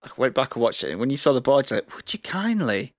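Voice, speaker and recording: A man with a British accent, chatting as a podcast co-host and acting out his reactions in a lively way. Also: mid-range voice, rapid-fire, no room sound, studio quality. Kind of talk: casual chat.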